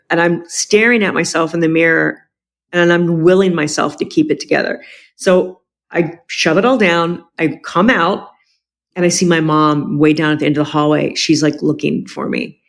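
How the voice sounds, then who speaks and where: A middle-aged woman, a podcast guest, telling a personal family story candidly, with quick asides. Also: sits low, steady tone, gravelly.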